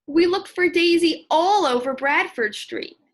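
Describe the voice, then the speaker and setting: An earnest, worried young boy from a children's storybook, as a woman reading aloud plays him. He sounds high, a bit gravelly, and anxious. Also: animated, moderate pace, fairly bright tone.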